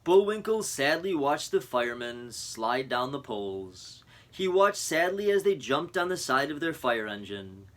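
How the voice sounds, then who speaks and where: Animated man reading a storybook aloud. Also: mid-range voice, unhurried, hardly any pauses. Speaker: teacher. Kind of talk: reading a picture book aloud.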